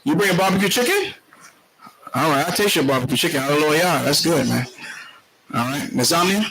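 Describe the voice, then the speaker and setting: A man's voice: on the high side, expressive, a little fast, low-quality recording. A man leading a congregation class, casually calling on members one by one in a jovial, teasing way and often saying hallelujah. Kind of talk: casual roll call with a congregation. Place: indoor congregation meeting room. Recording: congregation chatter in the room. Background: congregation voices.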